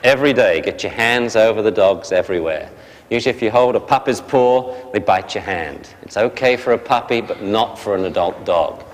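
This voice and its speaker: A man teaching a dog training class, explaining briskly and barking short sharp commands at the dogs. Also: fairly low pitch. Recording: long hall reverb.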